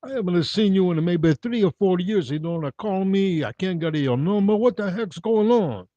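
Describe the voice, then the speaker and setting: A man playing an excitable old man in a joke, talking loudly and sounding incredulous. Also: high-pitched, normal speed, no room sound, voice pushed up. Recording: dull dry lo-fi recording.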